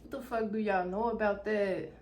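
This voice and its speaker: Young woman hosting a casual storytime vlog at home, lively and foul-mouthed, recorded with clear background noise. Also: mid-range voice, moderate pace. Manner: loud, animated, profane chatter. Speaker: YouTuber. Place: home room with backlight. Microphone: camera in front of her.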